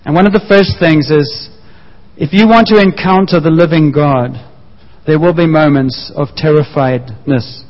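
A man preaching a sermon to a congregation, repeating key phrases and slowing down to press his points home. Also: a little high. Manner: emphatic, repeats key phrases, slows for emphasis. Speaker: pastor. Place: church hall. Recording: muffled sound with long church reverb.

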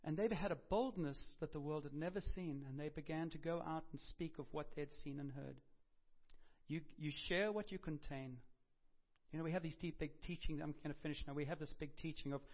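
A male pastor preaches in a fairly high voice, chatting through his stories, stumbling and correcting himself as he goes. The recording is dull and lo-fi. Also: a little fast. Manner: conversational storytelling with self-corrections and humor. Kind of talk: sermon. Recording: dull lo-fi sound.

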